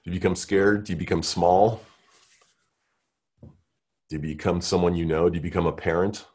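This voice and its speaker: A man with a deep, husky voice runs an interactive workshop. He coaxes the group along with energy and keeps asking them questions. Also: steady tone, moderate pace, darkish tone. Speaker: workshop leader.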